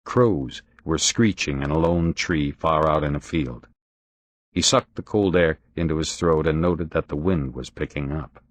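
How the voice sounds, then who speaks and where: A man narrating an audiobook in a steady, expressive reading. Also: rumbling low, measured pace, no room sound. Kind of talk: audiobook narration of a crime novel.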